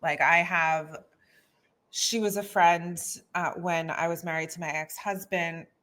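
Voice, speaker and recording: Low-voiced woman telling her story. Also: steady tone, a little slow, fairly bright tone. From Philadelphia, USA. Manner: earnest, storytelling, frequent restarts. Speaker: guest author. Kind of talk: candid personal conversation.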